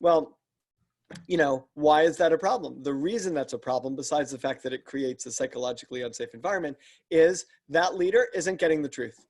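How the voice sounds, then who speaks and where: A man with a fairly high voice talks as a podcast guest about his coaching work. He explains earnestly and methodically, circling back and restarting his sentences as he builds each point. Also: a little fast. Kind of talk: explanatory interview talk.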